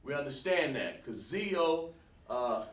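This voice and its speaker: A man's voice: a little high, expressive, slow, roomy sound, far from the mic. Man teaching an online class. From South Carolina, USA. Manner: informal, repeats words, talks to students by name.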